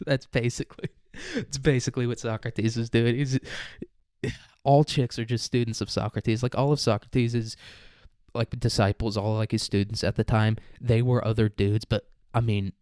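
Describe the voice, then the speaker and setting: A man's voice: mid-range voice, steady tone, normal speed, a little mellow, dry recording, clean studio sound. A man ranting in a rambling, profane comedic monologue, tossing in "dude" and "man" often. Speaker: comedic commentator.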